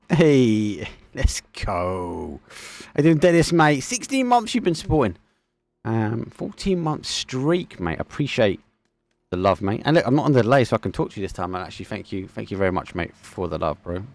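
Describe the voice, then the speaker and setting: A man's voice: medium pitch, no echo. A man from England with an Essex accent, casting a live esports match and chatting casually with viewers. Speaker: esports caster. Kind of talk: live game commentary with chat.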